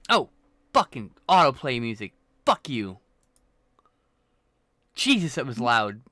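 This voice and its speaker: A man's voice: mid-range voice, sing-song, takes it slowly, pushed and bright, no room sound, clean studio sound. A man chatting casually on a live stream, rambling and self-mocking, swearing freely.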